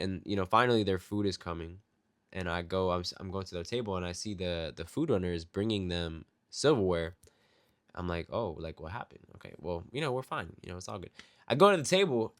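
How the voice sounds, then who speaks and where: A young man telling a story from his job as a restaurant server in a casual rant, acting out customers in quick put-on voices. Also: on the low side, a bit bright, dry recording, clean studio sound.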